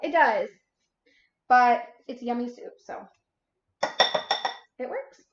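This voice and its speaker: A woman from the United States hosts a baking livestream, chatting casually with sassy, playful teasing and casual swearing. Her fairly high voice is expressive and slow, the audio is dull, and background noise is heavy.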